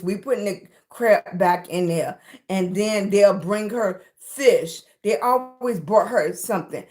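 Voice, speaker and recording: A middle-aged woman from Virginia with a Southern accent, chatting casually on a livestream and greeting viewers by name. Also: medium pitch. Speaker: livestream host.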